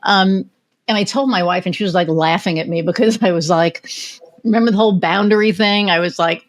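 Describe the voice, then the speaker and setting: A woman's voice: mid-range voice, a little fast. Candid American woman hosting a podcast. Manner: candid storyteller who swears freely. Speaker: podcast host. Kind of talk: casual interview chat.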